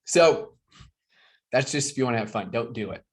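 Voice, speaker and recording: An American man coaches a video call audience on sales. He talks with lively energy, cracks jokes, and keeps asking his listeners direct questions. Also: medium pitch, racing. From United States. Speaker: network marketing trainer. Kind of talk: motivational training over video call.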